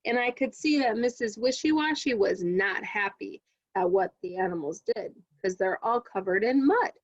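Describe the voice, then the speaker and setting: A woman teaching a kindergarten reading lesson to children in an expressive, sing-song way. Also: medium pitch, moderate pace, dry recording, lo-fi sound.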